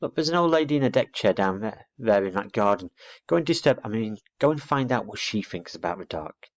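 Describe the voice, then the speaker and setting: A man's voice: on the low side, expressive, brisk, close to an everyday voice. Man voicing a tired mother owl, firm and motherly, storybook, dull lo-fi audio. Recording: dull lo-fi recording.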